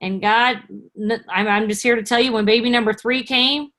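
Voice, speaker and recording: A woman's voice: fairly high pitch, steady tone, normal speed, bright, forceful tone. A woman in her forties telling her personal story on a video call, in an earnest, conversational way. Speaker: guest speaker.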